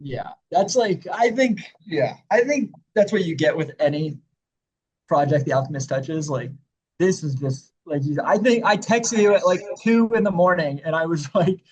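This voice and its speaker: A man's voice: a little high, animated, normal speed, husky, rough recording. A young man co-hosting a podcast, laid-back and chatty, laughing often and saying 'like' a lot. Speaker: podcast co-host. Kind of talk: casual music review chat.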